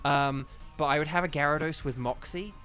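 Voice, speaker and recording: A man, a voice actor, giving casual live commentary while streaming a game, chatty with lots of ums and sudden excited bursts. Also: a little high, a little fast, soft background music.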